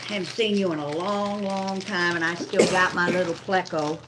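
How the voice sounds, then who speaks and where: A woman's voice: lowish voice, steady tone, moderate pace, heavy background noise. An older woman hosting a casual livestream from home, chatting with viewers and talking to her dog as she cooks. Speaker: livestream host.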